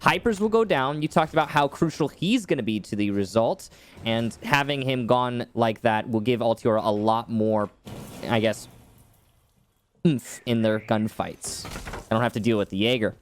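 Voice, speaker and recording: A man casting an esports match with quick, wry play-by-play commentary. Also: mid-range voice, slight background noise. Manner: quick, wry play-calling with dry jokes. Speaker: esports caster.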